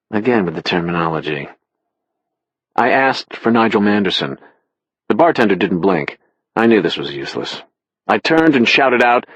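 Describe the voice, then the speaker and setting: A man narrating an audiobook in the first person with a wry, expressive delivery. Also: lowish voice, slightly rough, no echo, lo-fi sound.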